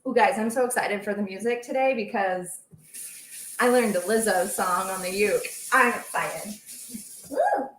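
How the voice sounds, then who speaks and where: A woman's voice: medium pitch, moderate pace, fairly bright tone, roomy sound, a little hiss or hum. Chatty woman hosting a baking livestream. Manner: chatty, rambling, reads out viewer comments. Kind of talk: casual live-stream chat while cooking. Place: home kitchen.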